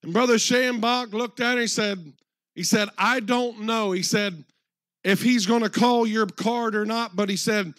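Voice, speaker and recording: A man preaching a sermon in a church, retelling a story through many quotes, slowing down and swelling for emphasis. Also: sits high, a bit bright, no echo, studio quality.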